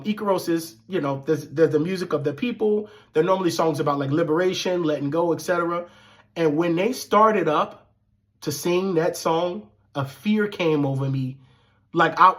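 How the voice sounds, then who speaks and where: Male vlogger, slightly high voice, casual storytelling, animated and profane, acts out quoted lines.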